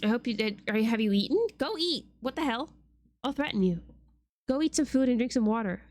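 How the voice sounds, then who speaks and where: A woman's voice: on the high side, expressive, a little fast, a little mellow, no echo. A woman streamer chatting playfully with her viewers while she draws, swearing casually.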